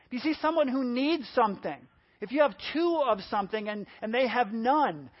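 High-voiced man preaching a children's sermon. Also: moderate pace, lo-fi sound. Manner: animated storytelling, acting out quotes. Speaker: pastor.

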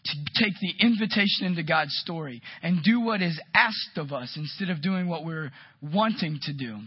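A man preaching a sermon, telling a story with lively, animated delivery and acting out quotes. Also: on the high side, breathy edge, dry recording, lo-fi sound. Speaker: pastor.

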